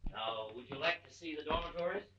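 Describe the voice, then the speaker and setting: An actor playing a male reform school official in a 1930s film, smoothing things over in a bland, reassuring tone while showing visitors around. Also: fairly high pitch, lively intonation, fast, dull audio, background noise, natural voice.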